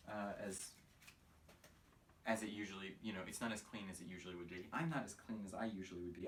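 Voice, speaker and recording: Fast, deadpan young man rambling sarcastically. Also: on the low side. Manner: sarcastic, self-mocking, fast and scattered. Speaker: comedic vlogger. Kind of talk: rambling deadpan comedy monologue. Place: his own room, indoors. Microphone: phone camera. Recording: voice a bit far from a phone mic, with faint noise.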